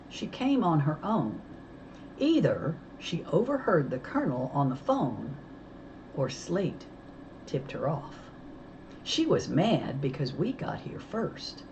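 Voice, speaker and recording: A woman with a low voice reads a children's novel aloud, telling the story in a lively way. The recording is slightly dull with a faint hiss underneath. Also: slow pace. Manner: lively storytelling, voicing characters. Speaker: audiobook reader.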